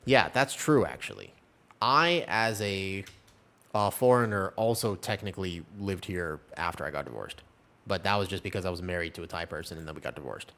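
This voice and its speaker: A man's voice: deep voice, expressive, a little fast, a bit bright. A man streaming and chatting casually, answering his chat in a rambling, talkative way. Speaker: game streamer.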